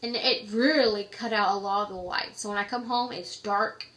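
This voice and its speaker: Chatty young woman with a bright voice. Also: mid-range voice, fairly even intonation, fairly quick. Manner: chatty, with many filler "likes". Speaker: vlogger. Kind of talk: casual advice vlog.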